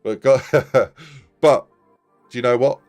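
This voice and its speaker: A man's voice: mid-range voice, fairly even intonation, slow pace, darkish tone, soft background music. A man in his thirties, casually telling a rambling anecdote on a live stream, laughing often.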